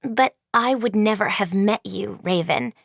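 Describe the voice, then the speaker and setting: A woman's voice: medium pitch, a little slow, gravelly, no room sound, studio quality. A woman reading an audiobook, voicing a sweet teenage vampire girl who talks in a chirpy, gushing way. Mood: bubbly.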